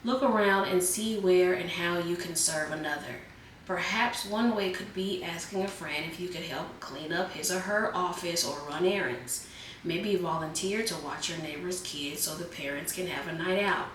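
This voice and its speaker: A woman doing a casual tarot reading, a bit hoarse as she is losing her voice, chatting loosely with many fillers. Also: fairly low pitch, normal speed, a bit bright, reverberant, far from the mic, a little hiss or hum. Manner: chatty, filler-heavy, calls viewers "Geminis". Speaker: tarot reader.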